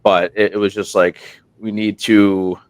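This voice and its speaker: A man on a podcast, a guest who hosts his own show, telling stories in a rambling, animated way and acting out quotes, sounding tired at night. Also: lowish voice, unhurried, clean tone, dry recording. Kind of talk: casual interview storytelling. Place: remote room while on military deployment. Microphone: single portable microphone.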